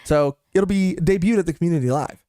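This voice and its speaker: A man's voice: a little high, brisk, mellow, no echo, studio quality. A young man co-hosting a podcast, chatting casually and rambling with restarts and cursing. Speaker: podcast co-host. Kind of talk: casual chat.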